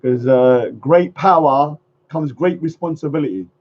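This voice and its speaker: A man with a fairly high voice chats casually to his livestream audience, rambling and circling back to the same phrases. The sound is muffled and lo-fi, like typical stream audio. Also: unhurried. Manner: rambling, repeats phrases, chuckles often. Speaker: livestream host.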